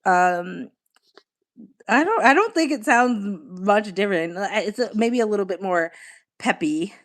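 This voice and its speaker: A woman's voice: medium pitch, lively intonation, a little slow. A young woman, chatting casually with viewers on a live stream, laughing often and swearing now and then. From Australia.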